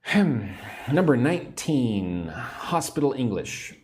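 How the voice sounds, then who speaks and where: An American man giving a livestream English lesson, repeating phrases clearly and greeting viewers by name. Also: medium pitch, big pitch swings, takes it slowly, a little mellow. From United States. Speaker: English teacher.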